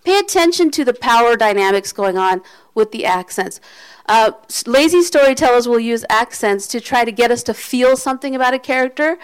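A woman's voice: a little high, lively intonation, fairly quick, clean tone, poor audio. A woman with an American accent giving a candid talk to an audience, conversational, with restarts and asides. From United States. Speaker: speaker.

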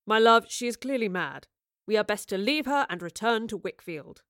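A woman voicing a pompous, menacing gentleman who growls and scoffs, in an audiobook. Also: medium pitch, lively intonation, moderate pace, no room sound, studio quality, natural voice. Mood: roaring. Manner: scornful, growling, derisive. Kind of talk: audiobook character voice.

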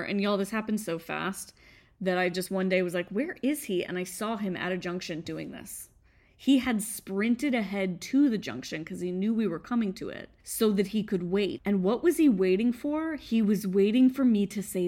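A woman, a dog trainer talking casually and chattily, laughing often and throwing in animated asides. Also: mid-range voice. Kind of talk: casual explanatory talk.

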